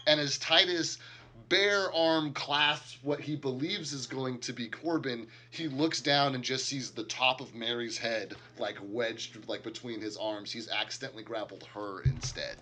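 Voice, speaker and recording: A man narrating a tabletop game as game master, with a very bright, sharp tone and a middle pitch. He talks casually, chuckling and leaning on fillers as he describes the scene. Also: measured pace, a little hiss or hum.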